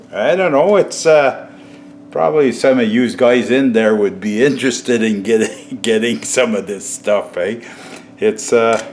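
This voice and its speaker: Middle-aged man, home DIY vlogger, unhurried, keeps chuckling, faint background hiss. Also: fairly low pitch. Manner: chuckling often, chatty, addresses viewers as folks. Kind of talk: casual home-project demo.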